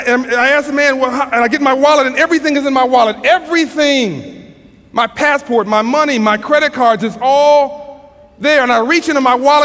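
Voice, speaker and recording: An American man telling a story as a motivational speaker, earnest, with frequent restarts and dramatic pauses. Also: extremely high pitch, pushed and bright. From United States. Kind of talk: storytelling speech. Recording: long hall reverb.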